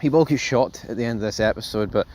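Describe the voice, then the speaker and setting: A man hosting a casual TV review, rambling and animated, swearing freely and calling viewers folks. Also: lowish voice, quick pace, a little hiss or hum. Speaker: show host, TV reviewer.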